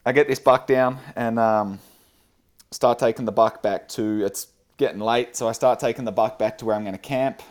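A man's voice: medium pitch, steady tone, moderate pace. A man, a guest on the show, telling a casual story with fillers and frequent laughs. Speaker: podcast guest.

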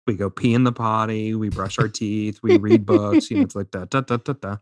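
Chatty man telling lively stories. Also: on the low side, a little fast, dry recording. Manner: animated storyteller, acts out voices, laughs often. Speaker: podcast co-host. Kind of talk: casual chat.

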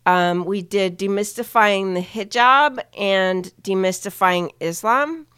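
A woman co-hosting a casual podcast, chatting with listeners in a relaxed way with many fillers. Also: medium pitch, slow, smooth, dry recording, studio quality. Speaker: podcast co-host.

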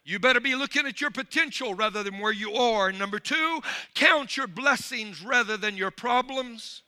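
A male pastor preaching a sermon, swinging from low, intimate talk to shouted calls and calling out to the congregation for responses. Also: moderate pace, hardly any pauses, smooth.

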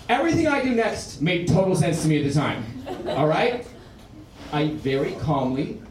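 A man doing stand-up, telling a story in animated bursts that drop to quiet menace and rise to shouted punchlines. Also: a little high, background noise. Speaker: stand-up comedian. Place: comedy club stage with audience laughing. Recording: roomy live club recording from far off.

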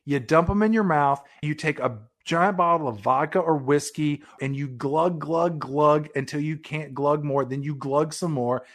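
A man's voice: a little high, normal speed, few pauses. A man co-hosting a casual movie-review podcast, recapping the plot with wry, sarcastic, crude humor. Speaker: podcast co-host.

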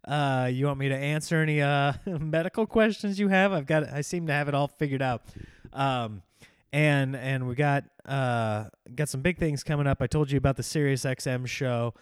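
A man's voice: medium pitch, moderate pace, smooth, no echo. A man with a cough and a strained voice, hosting a casual solo podcast and rambling through jokey, self-deprecating asides. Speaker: podcast host and touring comedian.

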